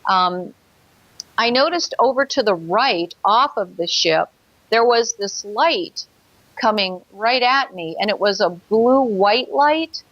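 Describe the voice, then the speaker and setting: A woman's voice: mid-range voice, animated, slow pace, fairly bright tone, no room sound, lo-fi sound. A woman telling her own experience as a guest in an interview, earnest, acting out her past thoughts. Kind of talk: personal account in an interview.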